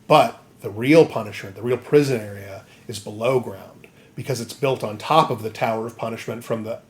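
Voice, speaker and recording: A man's voice: on the low side, normal speed. A man hosting a comedy podcast, recapping a story in a rambling, profane way and acting out the characters. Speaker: podcast host.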